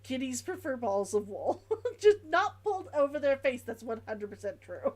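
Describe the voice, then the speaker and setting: Woman streamer, casual game chat, gushing and giggly, high lively voice. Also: normal speed, soft background music. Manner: gushing, giggly, repeats herself.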